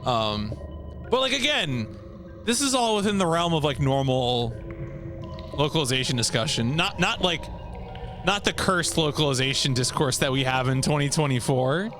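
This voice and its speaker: A man streaming a video game, chatting casually with viewers in an animated way and laughing often. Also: a little high, moderate pace, over music.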